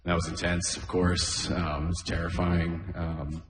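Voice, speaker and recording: A man's voice: low voice, little pitch movement, measured pace. Man doing stand-up, echoey club. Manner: laughs at his own jokes, many "oh, man" asides. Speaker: stand-up comedian. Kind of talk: stand-up comedy set. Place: comedy club stage with a laughing audience.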